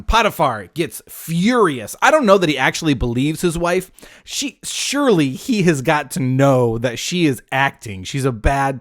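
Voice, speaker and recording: Clean studio sound with no room tone carries this man's mid-range voice. Hosting a podcast, he lightheartedly retells a Bible story in an animated, jokey manner, performing voices and repeatedly breaking off into tangents.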